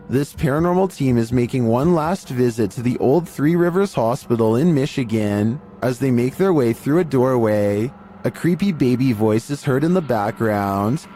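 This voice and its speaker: A man giving scripted narration for a creepy video compilation in a measured, deliberate storytelling manner. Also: medium pitch, dark tone.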